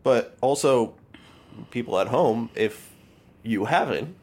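A man's voice: mid-range voice, expressive, slow pace, darkish tone. A man co-hosting a podcast, chiming in with short agreements and dry asides in casual chat. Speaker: podcast co-host. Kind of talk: casual book discussion chat.

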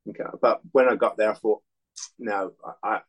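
Former pro footballer in his sixties, interview guest, lowish voice, loose anecdotal storyteller. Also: steady tone, moderate pace, breathy edge, rough recording. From England. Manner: rambling anecdotes, acts out other people's lines.

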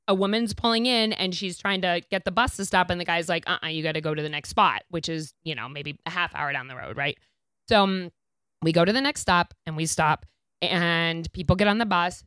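A woman telling a wild story in casual chat, animated and laughing as she goes. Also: lowish voice, clean tone, no echo, studio quality.

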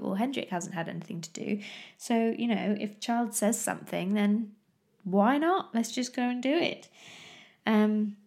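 A woman, chatting casually to camera about her toddler, animated, laughing often and losing her thread mid-sentence. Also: mid-range voice, gravelly.

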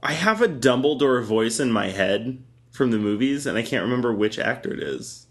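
A man's voice: mid-range voice, lively intonation, fairly quick. A young man co-hosting a casual chat, playful and joking, laughing often.

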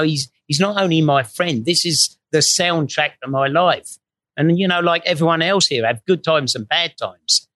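A man's voice: a little high, a bit bright, no echo. A man, a guest in a casual chat, telling anecdotes freely with swearing and quoted voices.

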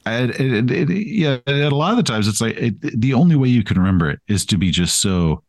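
A man's voice: mid-range voice, sing-song, fairly quick, dry recording. A man chatting as a podcast guest, rambling and self-deprecating, with frequent restarts. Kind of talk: casual interview chat.

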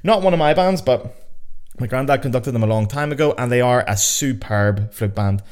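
A man's voice: medium pitch, moderate pace, darkish tone, smooth. A young man with a Belfast accent hosting a casual educational podcast, chatty, joking and swearing freely. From Northern Ireland. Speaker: podcast host. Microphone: podcast mic.

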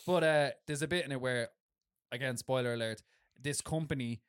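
An Irish man co-hosting a podcast, telling a story in a casual, animated and sweary way. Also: mid-range voice, normal speed, clear, resonant tone, dry recording, studio quality. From Ireland. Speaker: podcast co-host. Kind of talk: casual chat.

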